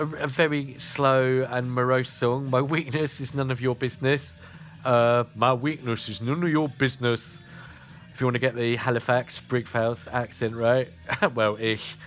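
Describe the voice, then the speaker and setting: Southern English male radio host, casual and chatty, mid-pitched voice, soft music underneath. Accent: Southern English, Kent and Sussex. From South East England. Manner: chatty, many "uh" fillers.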